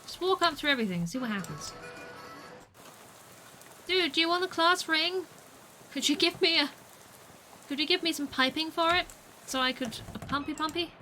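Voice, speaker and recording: A woman's voice: sits high, expressive, moderate pace, long pauses, bright, forceful tone, faint music behind, rough recording. A woman chatting playfully through a video game on a livestream, muttering to herself and playing with words. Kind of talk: gaming livestream commentary.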